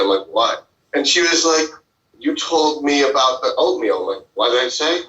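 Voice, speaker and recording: A man's voice: medium pitch, expressive, moderate pace, bright, forceful tone. A man who is a physician and podcast host, telling stories in casual chat with blunt, profane language. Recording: roomy, distant, dull lo-fi sound.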